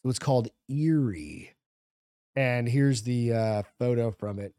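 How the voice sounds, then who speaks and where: A man's voice: mid-range voice, unhurried, warm tone, clear, resonant tone, dry recording. Male podcast co-host, casual profane banter, middle-aged, dry close mic. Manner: loose, profane banter, reads news items aloud. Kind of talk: casual chat.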